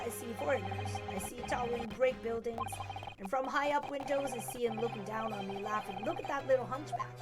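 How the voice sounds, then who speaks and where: A woman voicing an excitable, nervous male scholar who gushes in tongue-twisting alliteration. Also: high-pitched, low-quality recording. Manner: gushing, alliterative, overwrought. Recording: loud music underneath.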